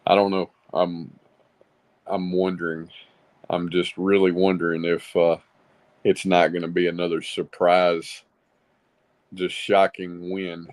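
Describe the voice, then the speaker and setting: A man co-hosting a casual political chat, laid-back and quick to laugh. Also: deep voice, flat delivery, no echo. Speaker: podcast co-host.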